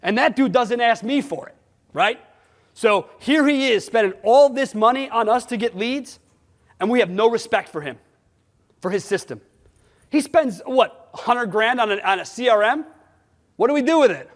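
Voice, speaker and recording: A man giving a conference talk, blunt and animated, throwing rhetorical questions at his audience. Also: very high voice, moderate pace. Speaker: sales management conference speaker. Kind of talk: conference presentation. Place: conference hall. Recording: long hall reverb.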